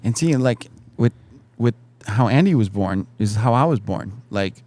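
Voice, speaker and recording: A man's voice: lowish voice, expressive, moderate pace, darkish tone. A man born in the United States co-hosting a podcast, chatting bluntly with crude jokes. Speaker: podcast co-host. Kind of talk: casual chat.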